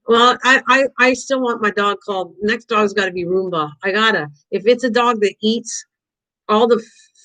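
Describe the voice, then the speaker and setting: A woman's voice: a little high, fairly bright tone, poor audio. An older woman hosting a live crafting stream, chatting casually and rambling to her viewers and her dog while she paints.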